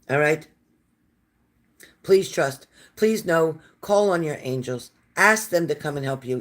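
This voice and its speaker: A woman with a raspy, low smoker's voice and a sore throat, hosting a casual livestream and warmly thanking viewers by name. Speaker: livestream host reading viewer comments.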